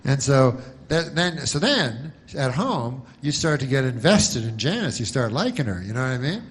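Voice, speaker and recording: A man doing a stand-up comedy monologue, deadpan and rambling through long setups. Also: mid-range voice, moderate pace, a little hiss or hum.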